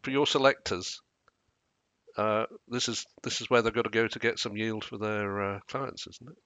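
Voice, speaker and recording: A man's voice: fairly low pitch, steady tone, normal speed, fairly bright tone, smooth, dry recording. A man hosting a finance panel from the United States, prompting guests by name. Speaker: host.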